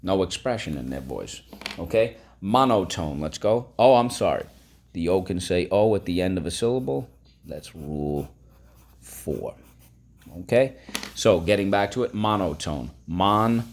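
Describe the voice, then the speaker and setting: A man's voice: low voice, expressive, normal speed, a little mellow, slight background noise. A man teaching a phonics lesson, breaking words into syllables and prompting listeners to repeat.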